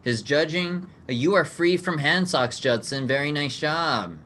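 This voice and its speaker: A man's voice: a little high, measured pace, sharp tone. A man hosting an online improv game over a video call, explaining the rules in an upbeat way and laughing often. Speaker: game show host.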